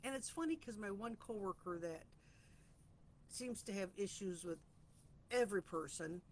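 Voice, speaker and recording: A woman hosting a weekly reflection vlog, talking in an earnest, chatty, reflective way about calm and boundaries, stretching out phrases for emphasis. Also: mid-range voice, moderate pace, a little hiss or hum. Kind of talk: casual spiritual self-help musing.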